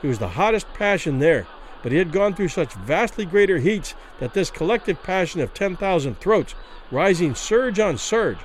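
A man reads a classic boxing story aloud with dramatic, expressive delivery. His voice sits a little higher than most men's and rises and falls in lively waves. The pace follows the tension of the fight. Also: normal speed, a little hiss or hum, rough recording. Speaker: narrator. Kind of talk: dramatic audiobook narration.

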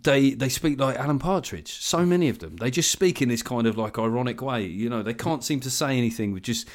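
A man in his forties chatting on a podcast as a comedian guest, wry and ranting. His voice sits at an ordinary middle pitch. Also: animated, fairly quick. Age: 40s. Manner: wry, ranting, mimics others in quoted voices. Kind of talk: casual podcast chat.

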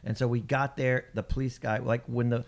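Man, podcast co-host, casual storytelling, acts out voices, mid pitch. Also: a little fast. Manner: animated storyteller, acts out voices, laughs while telling.

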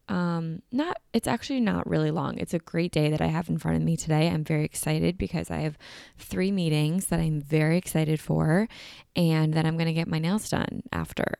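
Groggy young woman podcast host, gravelly. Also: on the low side, a little mellow, no echo, clean studio sound. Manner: chatty, rambling, upbeat. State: groggy morning voice. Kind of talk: casual solo podcast chat.

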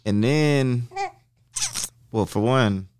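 A man's voice: mid-range voice, very slow, darkish tone, slight background noise. A man chatting casually on a podcast in a laid-back, slangy way, with some swearing. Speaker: co-host, engaged partner.

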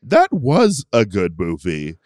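Playful gossipy guy co-hosting a podcast, super animated pitch, dry sound. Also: slow, dry recording. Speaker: podcast co-host. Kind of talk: casual pop culture chat.

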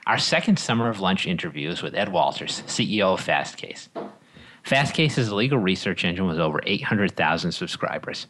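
Male podcast host, low and bright, wry and joke-heavy. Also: lively intonation, fairly quick, slight background noise, low-quality recording. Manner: wry, joke-filled delivery. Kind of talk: scripted podcast intro and interview.

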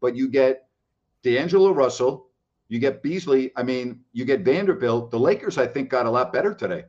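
A man's voice: medium pitch, animated, normal speed, a little mellow, highs cut off. A man hosting a casual sports stream, ranting in a blustery, exasperated way with mild cursing. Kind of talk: casual sports talk and rant. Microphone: computer mic on a laptop stream.

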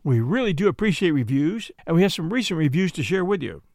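A man who hosts a podcast and narrates a classic mystery novel in a smooth, measured storytelling voice. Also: on the high side, big pitch swings, darkish tone, dry recording, studio quality.

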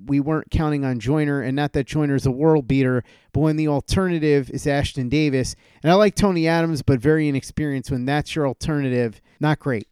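Male sports host, methodical, smooth resonant voice, dry close sound. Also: fairly high pitch, warm tone, no echo. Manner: measured, methodical rundown of news. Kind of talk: sports talk show.

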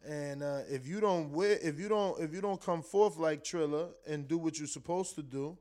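High-voiced man chatting boxing with his stream. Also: normal speed, mellow. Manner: loose and conversational, swears, repeats words, argues with the chat. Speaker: live stream host reading super chats. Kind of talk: casual boxing talk on a live stream.

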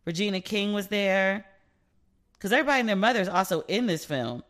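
Woman, solo podcast host and relationship expert; frank and gossipy, salty language, bright timbre. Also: mid-range voice, lively intonation, fairly quick. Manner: candid and chatty, swears freely, acts out quoted exchanges.

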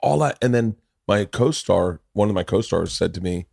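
A middle-aged man hosts a podcast in a loose, rambling way. He swears freely and jumps into other people's voices as he tells his stories. His voice sits fairly low, and the sound is dry and close. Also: expressive, brisk, gravelly, a little mellow, no echo. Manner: rambling, profane storytelling that acts out other people's lines. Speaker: podcast host. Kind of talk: casual chat.

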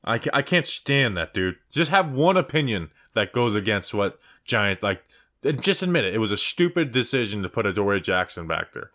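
A man's voice: fairly low pitch, very animated, normal speed, fairly bright tone. Ranting male sports podcast host. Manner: ranting, mocking. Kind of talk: casual podcast chat.

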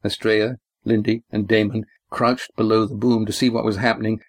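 Male audiobook narrator, low and measured, dry recording. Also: no echo. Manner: steady, measured storytelling. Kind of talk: scripted narration.

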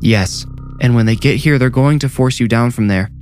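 A man's voice: medium pitch, moderate pace, a little mellow, soft background music, pitched above the performer's own voice, lightly acted. A man voicing a middle-aged orphanage headmistress who pleads urgently and tenderly through a door. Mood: pleading.

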